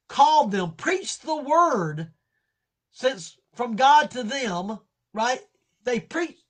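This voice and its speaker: A man teaching a Bible study in an impassioned preaching style. He pleads with his listeners and swings from quiet, low lines to shouted ones.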